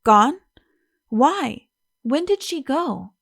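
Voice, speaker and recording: A woman's voice: sits high, animated, extremely slow, vocal fry, no echo, studio quality, pitched above the performer's own voice, exaggerated voice. A woman reading as a spirited, indignant young woman.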